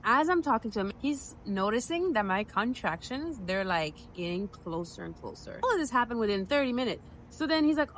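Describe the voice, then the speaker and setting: A young woman vlogger casually telling her own story to the camera, chatty and animated, acting out her reactions. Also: medium pitch, normal speed, slight background noise, low-quality recording.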